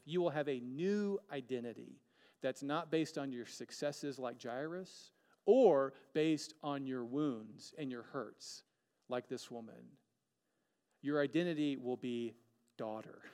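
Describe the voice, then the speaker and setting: A man's voice: medium pitch, vocal fry, mellow. Male pastor preaching in a reverberant hall. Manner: earnest, rhetorical questions, varied dramatic pacing. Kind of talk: sermon.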